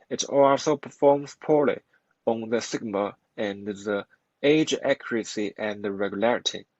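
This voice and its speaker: A man presenting a prepared technical report at a conference in a steady, formal manner. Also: mid-range voice, no room sound, lo-fi sound. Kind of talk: reading a prepared technical talk.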